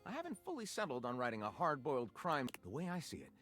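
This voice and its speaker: A man voicing an eager, expressive aspiring novelist in a video game, wordy and enthusiastic. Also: mid-range voice, fast talker, music in the background.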